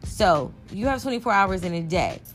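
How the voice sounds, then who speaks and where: A woman's voice: medium pitch, normal speed, soft background music. A young adult woman talking casually and animatedly to her listeners, like a personal podcast monologue. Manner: chatty, animated, addresses listeners as y'all. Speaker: podcast host.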